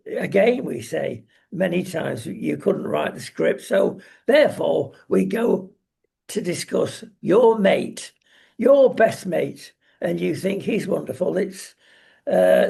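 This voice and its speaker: Gravelly, husky, slow man. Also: high-pitched, lively intonation, darkish tone. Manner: slow, emphatic, sardonic, with frequent ums. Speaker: political commentary show co-host. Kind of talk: opinionated casual commentary.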